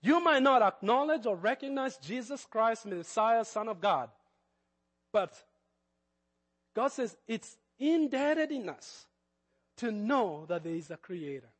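A man's voice: very high-pitched, lively intonation, measured pace, long reverb tail. A man with a Kenyan accent preaching a sermon as pastor, with hesitant fillers that build to fervent emphasis.

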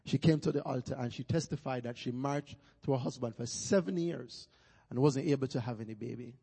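A man's voice: mid-range voice, brisk, vocal fry, dark tone, husky. A Jamaican man preaching as a guest pastor in a church, rousing the congregation with calls for praise. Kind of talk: sermon. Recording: long church-hall reverb.

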